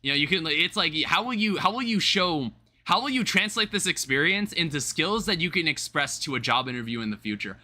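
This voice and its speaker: A man's voice: fairly high pitch, lively intonation, a little fast, bright, forceful tone. A young man rambling through casual live-stream chat, swearing offhandedly as he talks to viewers from home. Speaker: livestreamer.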